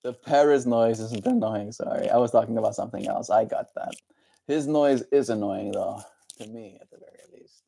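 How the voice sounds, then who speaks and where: A man chatting on a daily livestream, answering viewers gently and encouragingly. His voice is mellow and dark, with a gravelly fry running through it. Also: lowish voice. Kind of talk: casual livestream chat reading viewer comments.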